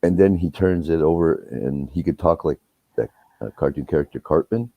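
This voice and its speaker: On a live stream, a man with a bass voice casually tells rambling family stories full of profanity, speaking at normal speed and growing animated when he retells quarrels. The recording is dry, dull, and muffled.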